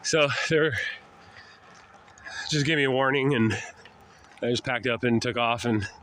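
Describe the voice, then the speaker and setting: An older man with a head cold and a nasal voice, rambling in a casual walking vlog outdoors, often sighing and clearing his throat. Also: mid-range voice, normal speed, a bit bright, a little hiss or hum. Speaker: traveling vlogger. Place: outdoors, walking along roads and a river valley.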